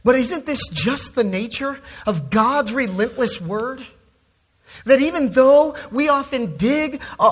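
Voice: sits high, a bit bright. A preacher giving an expository sermon, stressing key words and often repeating words when restarting a phrase.

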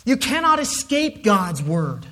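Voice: medium pitch, big pitch swings, takes it slowly, sharp tone. A preacher giving an expository sermon, stressing key words and often repeating words when restarting a phrase.

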